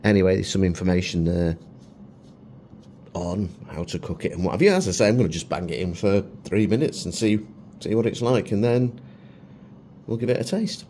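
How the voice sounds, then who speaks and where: A man's voice: low-pitched, moderate pace, long pauses, warm tone, a little hiss or hum. A middle-aged man reviewing food for his vlog in a chatty, self-mocking way with chuckles. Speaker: food vlogger.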